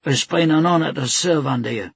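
A man's voice: a little high, a little fast, gravelly, breathy edge, no room sound, pitched above the performer's own voice, full character voice. A man voicing an earnest young soldier.

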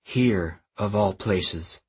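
A man voicing a low, muttering old professor. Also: lively intonation, measured pace, breathy edge. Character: older male history professor, cryptic and rambling.

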